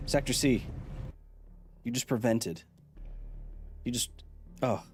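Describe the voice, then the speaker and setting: A man's voice: mid-range voice, takes it slowly, long pauses, a little mellow, a little hiss or hum. A man doing live gameplay commentary as a science streamer, reacting to the game and reading chat aloud.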